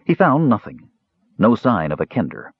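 A man narrating a fantasy audiobook in an expressive storytelling manner, in a dull, dry recording. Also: fairly low pitch, moderate pace, husky, dry recording.

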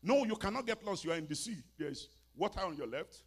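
God as a calm, commanding man, as a preacher puts him on. The voice is husky and sits fairly high, and it moves a lot in pitch. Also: fast, exaggerated voice. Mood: reassuring.

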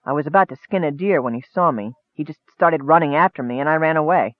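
A man's voice: on the high side, quick pace, no room sound, natural voice. A man voicing a small, willowy male kender who talks in a casual, matter-of-fact way, in a storybook reading. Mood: offhand. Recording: dry, narrow phone-like sound.

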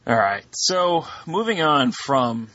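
Hesitant husky-voiced man chatting. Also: a little high, very animated, takes it slowly, bright, forceful tone, no room sound, lo-fi sound. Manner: hesitant, searching for words with fillers. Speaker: podcast co-host. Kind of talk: casual podcast chat.

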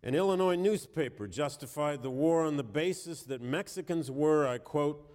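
A man's voice: fairly high pitch, lively intonation, normal speed, few pauses, darkish tone. A man with a cold giving a history lecture in a wry, conversational manner, reading quotations aloud with emphasis. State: has a cold. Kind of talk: university lecture. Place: lecture hall. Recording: reverberant lecture hall.

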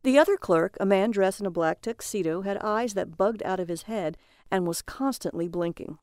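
A woman reads a noir tale aloud in a smooth, clear voice. Her telling is steady and measured. The recording is close and dry, with no room sound. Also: mid-range voice, dry recording. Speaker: narrator. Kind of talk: scripted story narration.

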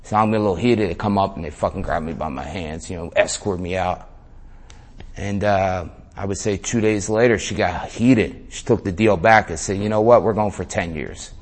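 Low-voiced and moderately paced, this male interview guest spins a casual yarn. Slang, swearing and repeated "man" fill his storytelling.

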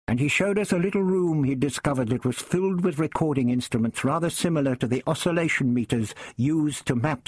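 A man reading a first-person story aloud in a measured, understated way. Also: mid-range voice, a little mellow, slightly rough, no echo, clean studio sound. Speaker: audiobook narrator.

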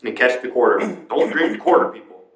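A man's voice: medium pitch, fast talker, a bit bright. A man hosting a casual chat podcast, telling profane, rambling stories. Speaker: podcast host. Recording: roomy, dull lo-fi sound.

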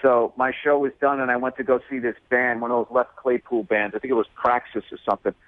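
A male comedian telling stories in a casual interview, lively and acting out other voices. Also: mid-range voice, fast, no echo. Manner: animated storyteller, acts out voices. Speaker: comedian guest. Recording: tinny phone line.

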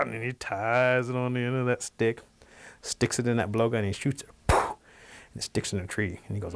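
A man telling a traditional animal folktale aloud, in a relaxed, animated, conversational way. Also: mid-range voice, brisk, creaky. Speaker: storyteller.

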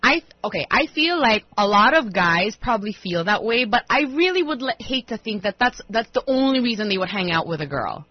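A woman's voice: a little high, sing-song, fairly quick, hardly any pauses, dry recording. A woman co-hosting a morning radio show, playful and easily amused in the banter. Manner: laughing, exasperated, playful. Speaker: radio co-host. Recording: dull dry radio broadcast.

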